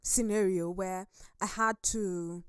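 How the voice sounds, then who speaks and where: A woman's voice: mid-range voice, fairly even intonation, slow, smooth, dry recording. Reflective woman, dry studio sound. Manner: storytelling, reflective. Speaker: talk show panelist. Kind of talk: casual studio chat.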